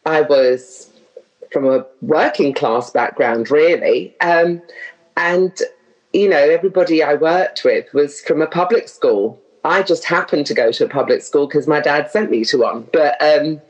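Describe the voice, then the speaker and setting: A woman's voice: sits low, measured pace, highs cut off. A middle-aged woman from London with an English accent, talking casually as a guest and drifting off on tangents. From London, England. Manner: chatty, drifts off on tangents, laughs often. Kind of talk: casual chat.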